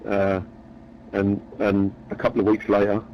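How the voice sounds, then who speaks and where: A low-pitched man rambles through a joke, chatty and meandering, often repeating himself. The recording is dull and lo-fi. A faint engine hum sits behind him. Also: completely flat delivery, moderate pace. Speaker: storyteller.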